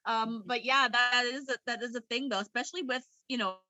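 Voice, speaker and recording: A woman's voice: on the high side, fairly even intonation, brisk, crowd noise. A woman from Canada telling personal stories in a rambling, candid way, often laughing as she talks. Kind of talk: casual personal storytelling.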